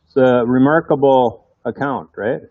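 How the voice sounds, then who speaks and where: A man preaches a sermon in a relaxed, conversational manner and keeps putting questions to his listeners. His voice sits at an ordinary pitch for a man. The recording is dry and a little dull and muffled. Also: a little slow, dry recording. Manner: conversational, asks the congregation rhetorical questions.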